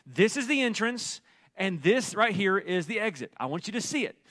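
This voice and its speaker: A middle-aged man preaching a sermon as pastor, telling a story in an animated, joking way. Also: high-pitched, moderate pace. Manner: storytelling, animated, jokey asides.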